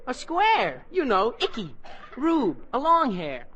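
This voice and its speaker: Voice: sits high, wildly swooping pitch, slow pace, fairly bright tone, muffled recording, slight background noise, heavily acted. An actor playing an eager, slang-loving teenage boy in 1940s radio acting. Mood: slangy.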